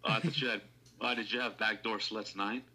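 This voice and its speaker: Bright-voiced profane young guy. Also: fairly low pitch, fairly even intonation, a little fast, breathy edge, low-quality recording. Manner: profane, slangy, retells with loud mock-quotes. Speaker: storyteller in casual chat. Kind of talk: casual chat.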